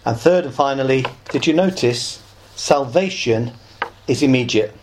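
A man preaching an evangelistic sermon, earnest and pleading, lifting his voice on key words and dropping low and soft at the close of phrases. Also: measured pace, background noise.

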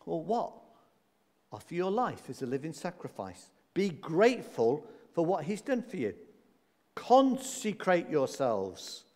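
A man's voice: fairly high pitch, wildly swooping pitch, unhurried, darkish tone. A man preaching a sermon in a church, emphatic, repeating key words and asking rhetorical questions. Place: church hall. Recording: long church reverb.

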